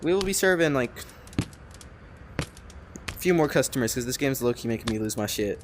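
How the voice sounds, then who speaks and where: A man giving let's-play commentary, rambling and excitable, swearing often and talking to himself as he plays. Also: medium pitch, a little fast, a little hiss or hum. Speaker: gamer playing a cooking game.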